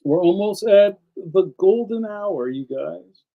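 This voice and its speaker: A man's voice: high voice, expressive, takes it slowly, creaky, phone-quality sound. A man hosting a casual livestream, chatting enthusiastically and speaking straight to his viewers. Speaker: livestream host and cartoonist.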